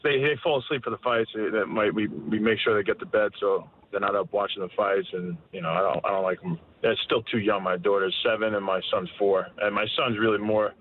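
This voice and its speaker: A man in his thirties, a fighter being interviewed, talking candidly with halting restarts. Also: on the low side, fairly even intonation. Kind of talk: casual interview answers. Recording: tinny phone line with faint noise.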